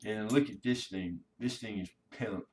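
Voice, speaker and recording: A man with a low-pitched voice, talking loosely and slangily to his live-stream viewers while showing off coins and collectibles. He sits a little away from the microphone, so the voice sounds somewhat distant. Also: a little slow, darkish tone, slight background noise. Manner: laid-back and slangy, chatting to viewers. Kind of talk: casual live-stream chat.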